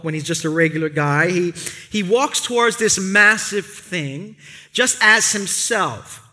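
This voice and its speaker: New male pastor, high bright voice, chatty storytelling sermon, big reverberant church. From Brooklyn, New York. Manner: lively conversational storytelling. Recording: long reverb of a large hall.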